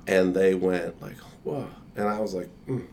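A man with a deep baritone voice telling a lively anecdote in casual conversation. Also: normal speed, a little hiss or hum. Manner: animated anecdote-telling with laughs and quoted voices. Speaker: guest. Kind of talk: casual storytelling.

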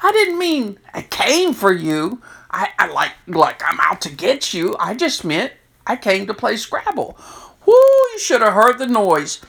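A middle-aged woman, a prison chaplain, telling stories in a lively way and jumping higher when she quotes people. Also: a little slow, vocal fry, husky. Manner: animated storyteller, jumps high to quote herself and others. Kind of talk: storytelling talk.

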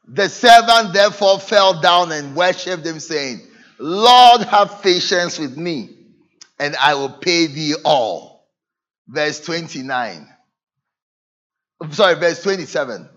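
A man preaching a sermon as pastor, acting out the voices of people in his stories. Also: fairly high pitch. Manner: lively preaching with dramatic acted quotes. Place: church. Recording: dull lo-fi church recording.

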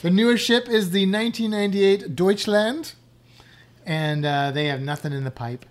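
A woman's voice: medium pitch, moderate pace. A woman co-hosting a podcast in casual, rambling, self-deprecating chat. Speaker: podcast co-host.

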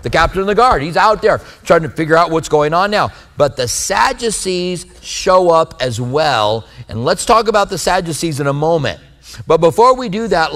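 A man's voice: fairly high pitch, fairly bright tone. A man preaching a sermon as a pastor, reading scripture and explaining it in an earnest, conversational way.

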